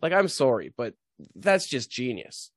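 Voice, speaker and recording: An easily amused man trades teasing remarks in casual podcast chat. His mid-pitched voice sounds close and dry. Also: big pitch swings, a little slow, no room sound.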